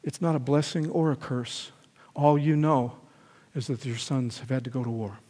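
A man voicing a poor, wise old village man in a sermon story, speaking quietly and evenly. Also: mid-range voice, natural voice. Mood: measured. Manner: quiet, even and measured. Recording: echoey hall reverb.

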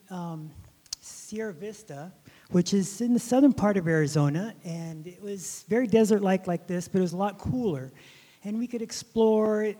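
Man, halting storyteller, mellow tone, long hall reverb, lesson for kids. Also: high voice. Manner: rambling, halting storyteller with many restarts. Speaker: Bible lesson teacher. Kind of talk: telling a childhood story to a class.

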